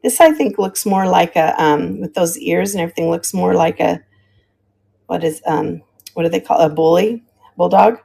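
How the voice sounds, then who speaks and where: An older woman hosts a live sale and chats in a friendly, rambling way as she shows off each figurine. Her voice has a creaky, gravelly edge, and she pauses often to find the right word. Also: fairly low pitch, mellow. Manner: chatty, friendly, describes items while hunting for words. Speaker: live-stream auction seller. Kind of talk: casual live selling chat.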